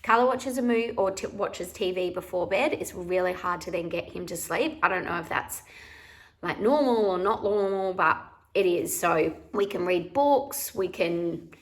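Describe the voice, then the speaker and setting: A woman's voice: lowish voice, normal speed, no room sound. Chatty Australian woman vlogging at home. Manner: chatty, candid, breezy. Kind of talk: casual vlog chat.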